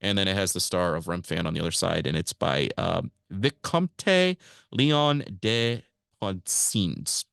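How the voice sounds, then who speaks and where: A man with a fairly low voice reads a prepared podcast monologue, then drops into offhand asides to his audience. The sound is close and dry, with no room around it. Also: steady tone, fast talker, gravelly, few pauses, a bit bright, clean tone, no room sound. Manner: reads prepared text, breaks into casual asides to listeners. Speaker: podcast host. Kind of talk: podcast monologue read from notes.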